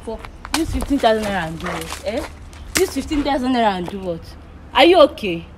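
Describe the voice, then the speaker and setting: A woman's voice: on the high side, lively intonation, fast, background noise. A woman with a Nigerian accent in a street prank skit, firm and scolding as she turns down an offer. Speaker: girlfriend being tested.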